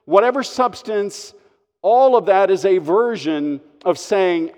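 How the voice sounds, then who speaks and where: A man's voice: high-pitched, slow, darkish tone, long reverb tail. A man preaching a sermon as a pastor, earnest and emphatic, stressing his phrases.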